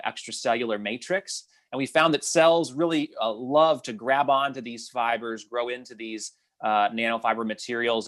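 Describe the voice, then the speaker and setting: A startup founder tells his story on a video call panel, hesitating often with filler words. He has a man's ordinary middle pitch. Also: a bit bright.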